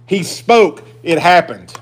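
A male preacher with a high-sitting voice takes his sermon slowly. He speaks emphatically to his congregation, shifting from loud, driving pronouncements to quiet, personal asides.

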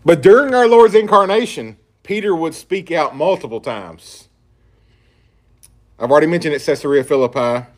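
A man delivers a sermon from the pulpit. His voice sits a little on the high side. He preaches emphatically and reads scripture aloud as he goes. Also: normal speed. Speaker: pastor.

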